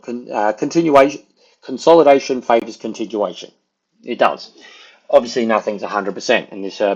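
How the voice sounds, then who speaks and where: A man's voice: mid-range voice, husky. A man casually walking through price charts as a market analyst, loose and conversational, with plenty of filler words. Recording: dull lo-fi audio.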